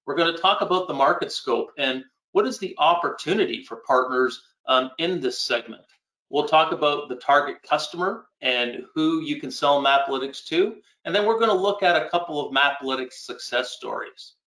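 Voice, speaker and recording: A man's voice: fairly high pitch, expressive, normal speed, sharp tone, reverberant, poor audio. A man hosting a partner webinar, speaking with upbeat enthusiasm as he runs through the agenda. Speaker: host. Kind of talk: webinar presenting.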